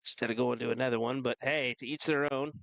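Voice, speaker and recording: A man co-commentating live darts with relaxed, teasing banter. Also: medium pitch, fast, gravelly, dry recording.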